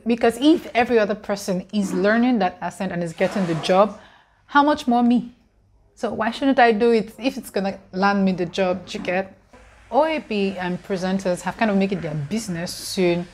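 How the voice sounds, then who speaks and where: Young nigerian woman, nigerian accent, casual vlog, earnest, lots of ums, mid-pitched voice. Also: a little hiss or hum. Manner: earnest, questioning, frequent ums. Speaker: vlogger. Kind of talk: casual talk to camera.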